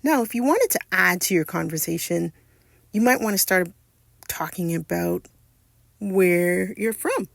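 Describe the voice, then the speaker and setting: A woman teaching French phrases in a scripted lesson narration, speaking slowly and carefully and stressing each French word. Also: fairly low pitch, lively intonation, gravelly, no room sound. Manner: slow, careful, spells out and stresses French words.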